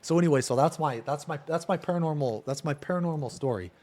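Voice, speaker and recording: A man streaming live, telling a rambling, profane story in a casual way that drops to a near-whisper and then gets loud. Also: fairly high pitch, fast talker, no room sound.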